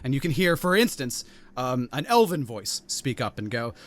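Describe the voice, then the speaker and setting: A man's voice: mid-range voice, sing-song, normal speed, a bit bright. A man narrating as game master of a tabletop role-playing game, describing scenes with animation.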